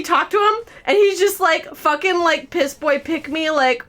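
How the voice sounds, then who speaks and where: Woman streamer, high and sharp, profane and laughing, casual chat. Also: normal speed. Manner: profane, laughing, loud acted outbursts. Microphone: streaming mic.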